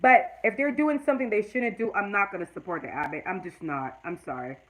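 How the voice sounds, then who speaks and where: A woman's voice: medium pitch, a little fast, a bit bright, low-quality recording. A woman in her forties talking to her live chat in a personal vlog, earnest and at times tearful, then emphatic and preachy. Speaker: YouTube vlogger.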